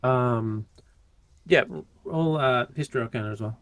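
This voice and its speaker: Gravelly-voiced man running a tabletop game. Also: mid-range voice, moderate pace, no room sound. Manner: relaxed, many fillers and restarts. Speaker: game master.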